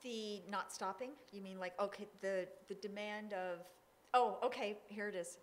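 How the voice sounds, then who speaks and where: A woman hypnotherapist talks about her methods in a live-stream interview. Her pitch is average and her delivery is firm and emphatic. Faint ambient noise sits behind her voice. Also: steady tone, normal speed. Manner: emphatic, forceful, acts out her own demands. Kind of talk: casual interview talk.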